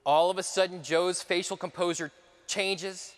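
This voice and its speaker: A man's voice: a little high, normal speed, fairly bright tone. Man telling a story in a big hall. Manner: dramatic storytelling, dropping to near whispers for repeated phrases. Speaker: conference speaker. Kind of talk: personal story speech.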